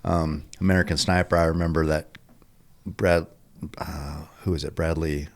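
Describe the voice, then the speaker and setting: A man with a very deep voice talks as a podcast guest. He is earnest and halting, restarting sentences while he works out what he means. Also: flat delivery. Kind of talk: casual conversation.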